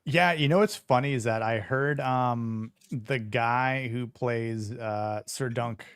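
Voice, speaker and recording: A man's voice: mid-range voice, slow pace, fairly bright tone, clear, resonant tone, dry recording. A man co-hosting a podcast in casual chat, rambling with many fillers and restarts. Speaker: podcast co-host.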